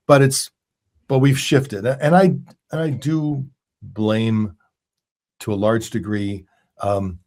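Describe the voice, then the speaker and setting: A man's voice: on the low side, steady tone, slow, long pauses, darkish tone. Reflective male podcast host. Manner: reflective, with frequent restarts. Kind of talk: casual podcast interview.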